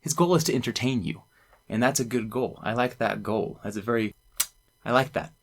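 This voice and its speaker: A man's voice: medium pitch, brisk. A young man, a student presenter, talking casually and enthusiastically to camera, rambling and acting out quoted lines. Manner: enthusiastic, rambling, quoting lines in acted voices.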